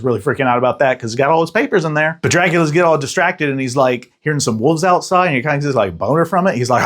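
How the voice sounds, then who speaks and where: Dude recapping an old movie, jokey, slangy, does little voices. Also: male voice, on the high side, a bit bright. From Texas. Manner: joking and slangy, with quick acted-out voices. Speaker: podcast host and film reviewer. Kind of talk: casual comedic movie recap.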